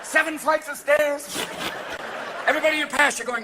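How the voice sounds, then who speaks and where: A man in his fifties performing a live stand-up routine, talking rapid-fire and jumping into character voices. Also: very high voice, steady tone, noisy background. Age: 50s. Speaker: stand-up comedian. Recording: live show recording with room ambience.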